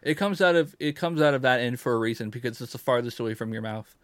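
Casting: man in his late twenties, mid-pitched, loose crude jokester, dead-dry mic. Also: fast talker, dry recording. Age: 20s. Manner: joking, crude, laughs often. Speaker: podcast co-host. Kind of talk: casual chat.

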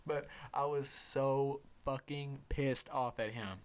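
A young man, a podcast host, telling a casual, profane story with lots of energy and sometimes dropping to a hushed voice. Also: medium pitch, slow, clear, resonant tone. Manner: profane, animated storyteller who drops to a hushed voice for inner thoughts.

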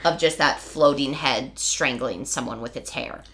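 A woman's voice: very deep voice, measured pace, a bit bright. A woman co-hosting a casual book-discussion podcast, speaking in a dry, decisive and teasing way. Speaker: podcast co-host.

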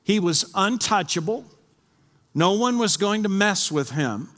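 A man's voice: high voice, animated, measured pace, a bit bright. A man preaching a sermon as pastor, reading scripture aloud and urging his congregation earnestly, recorded in a church. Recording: long hall reverb.

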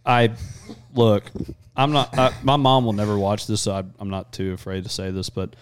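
A man hosting a podcast, chatting casually and crudely, rambling fast between jokes. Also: fairly low pitch, a little hiss or hum. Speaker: podcast host. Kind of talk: casual chat.

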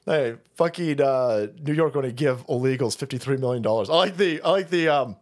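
A man's voice: medium pitch, brisk, few pauses. A man hosting a livestream, ranting in a casual, profane and sarcastic way and laughing often. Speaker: livestream host. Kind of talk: casual political rant.

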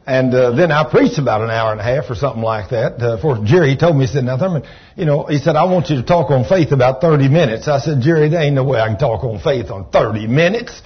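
Folksy preacher, husky voice. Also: male voice, medium pitch, fast. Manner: folksy, animated, rising to shouts of praise. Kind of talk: storytelling sermon. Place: church. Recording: dull lo-fi church recording.

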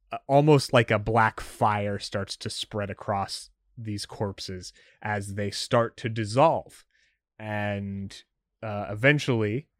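A man's voice: lowish voice, no echo, clean studio sound. A man narrating as game master in a casual tabletop session, with many fillers.

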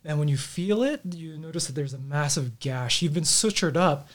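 Man narrating a tabletop game. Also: fairly high pitch. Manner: descriptive, relaxed, halting with fillers. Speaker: game master.

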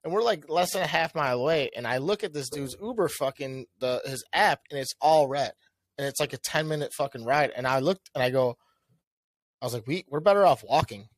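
A young man co-hosting a podcast, telling a story in casual chat. He swears a lot and acts out what he said with a rising, animated voice. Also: mid-range voice, a little fast, dry recording. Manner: animated, swears often, acts out his own lines with a rising voice. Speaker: podcast co-host.

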